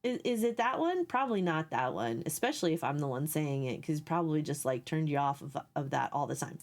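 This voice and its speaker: A woman with a youthful voice and a Texan Southern accent, chatting candidly with stream viewers from a home setup, swearing freely and throwing in quick asides. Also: deep voice, animated. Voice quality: youthful-sounding voice. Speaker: livestreamer. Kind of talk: casual chat with stream viewers.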